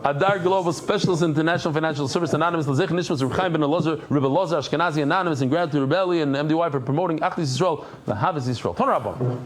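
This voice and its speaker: A Daf Yomi teacher leads a Talmud class in a fairly high male voice, talking at rapid-fire speed. He tells stories with animation, acting out the characters in different voices and mixing in Hebrew and Yiddish terms.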